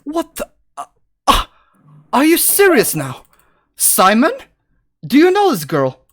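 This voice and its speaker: A woman's voice: sits low, very animated, unhurried, dry recording, full character voice. A woman voicing a prickly young woman companion who nags and snaps indignantly in tabletop role-play. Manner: sharp and indignant.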